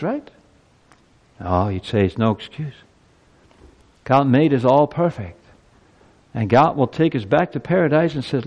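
A man in his fifties preaching a sermon, moving from quiet reflection to loud, urgent appeals. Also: medium pitch, lively intonation, measured pace, pauses often, muffled recording. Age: 50s.

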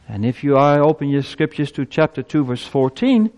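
A man's voice: fairly high pitch, very animated, moderate pace, hardly any pauses, darkish tone, in a large hall. A man preaching a sermon to his congregation. He reads scripture with rising emphasis and asks earnest rhetorical questions.

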